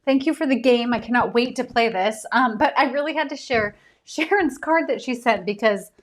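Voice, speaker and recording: An author hosting a casual live stream from home, chatty and giggly with many ums. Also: female voice, a little high, normal speed.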